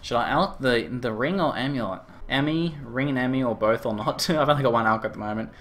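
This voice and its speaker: A man with an Australian accent chatting casually with viewers during a live game stream, rambling with lots of fillers and quick laughs. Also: mid-range voice, a bit bright. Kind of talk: casual live-stream chat while gaming.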